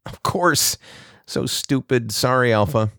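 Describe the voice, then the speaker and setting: A man's voice: mid-range voice, takes it slowly, fairly bright tone, dry recording, studio quality, pitched above the performer's own voice. A man voicing an anxious, insecure husband who speaks uncertainly and apologetically. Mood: apologetic. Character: anxious insecure young husband, eager to please.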